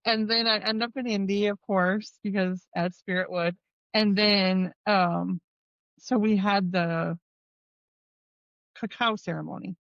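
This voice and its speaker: A woman's voice: mid-range voice, steady tone, slow, fairly bright tone, dry recording. Candid woman on slightly dull audio. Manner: candid, self-deprecating storytelling. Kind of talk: casual podcast conversation.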